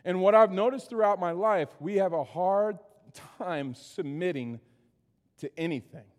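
Male pastor, higher-pitched voice, chatty sermon delivery, big echoing sanctuary. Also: a little slow, a little mellow. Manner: conversational preaching, frequent "right?" asides.

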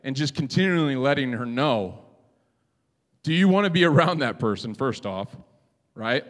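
A man's voice: mid-range voice, animated, moderate pace, long reverb tail. A male pastor preaching a conversational sermon, often checking in with "right?".

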